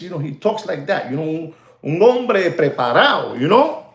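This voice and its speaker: Man, high-pitched, rambling livestream host, repetitive, Spanish asides, echoey room. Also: expressive, normal speed. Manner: rambling and repetitive, addresses "ladies and gentlemen", drops Spanish phrases. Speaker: watch market livestream host. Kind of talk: casual livestream monologue.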